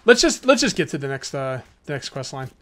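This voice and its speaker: A young adult man giving casual let's-play commentary as a gaming YouTuber, chatty and excitable, full of rambling asides. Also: mid-range voice, brisk, slight background noise.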